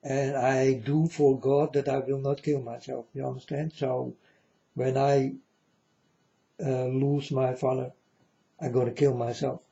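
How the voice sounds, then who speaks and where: A man in a rambling monologue to his viewers, earnest and repetitive, with halting non-native phrasing. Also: medium pitch, little pitch movement, gravelly, mellow, highs cut off. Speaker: vlogger addressing viewers.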